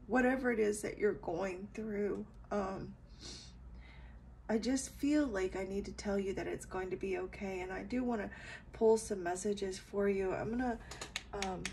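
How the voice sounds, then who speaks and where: A tired woman giving a casual late-night spiritual talk at home, speaking softly and hesitantly with many fillers, then guiding a meditation. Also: medium pitch, unhurried, creaky, slight background noise, low-quality recording. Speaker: spiritual reader.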